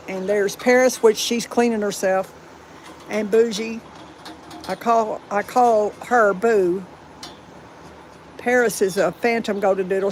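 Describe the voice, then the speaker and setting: A woman's voice: medium pitch, a little hiss or hum, poor audio. A woman with a Southern US accent hosting a casual livestream, chatty and rambling but firm about rude viewers. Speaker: livestream host. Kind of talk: casual live chat.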